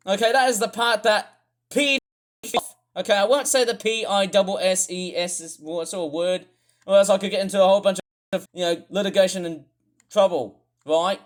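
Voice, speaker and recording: A grumpy vlogger who rambles through a ranting commentary, often restarting and suddenly bursting into shouts. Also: mid-range voice, steady tone, normal speed. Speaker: toy review vlogger.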